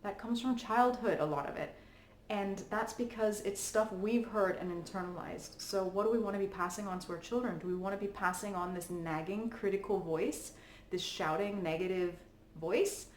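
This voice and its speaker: Calm woman in an echoey room. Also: medium pitch, moderate pace. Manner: calm, earnest, chatty with many fillers. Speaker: parenting coach. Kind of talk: casual advice talk to camera. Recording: echoey room with faint background noise.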